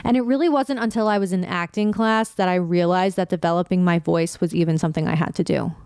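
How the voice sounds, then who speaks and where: Brief: woman podcast host, late 20s-30s, casual and candid, smooth clear tone, dry close mic. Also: lowish voice, fast talker, dry recording. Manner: candid, animated, swears casually.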